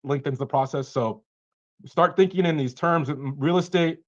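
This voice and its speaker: Over a video call, a man gives casual feedback on cold calls, animatedly acting out brief lines from callers and sellers. His voice is a little high, his pace moderate, and the audio dull.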